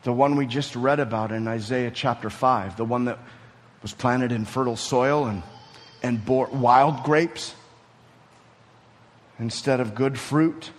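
A man's voice: mid-range voice, a little slow, pauses often. A man preaching a sermon, teaching through a passage and building to emphatic peaks. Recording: reverberant hall.

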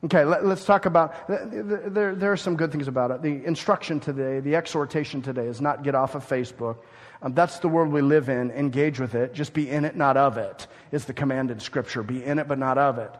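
A man preaching a sermon in an animated way, acting out everyday scenes and swinging between loud outbursts and hushed asides. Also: mid-range voice, fairly quick. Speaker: pastor. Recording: long reverb of a large hall.

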